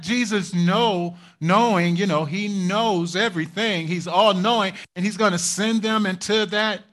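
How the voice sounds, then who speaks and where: High-voiced, slow-preaching man pastor. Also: a bit bright. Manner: repetitive, asks the congregation for responses; chuckles often while preaching. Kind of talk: sermon.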